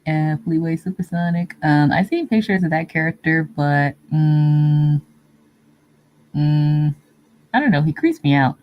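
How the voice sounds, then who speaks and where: Woman, livestream host, casual chat, easygoing, meandering, frequent pauses. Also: low voice, dull audio. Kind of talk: casual live-stream chat, reading viewer comments.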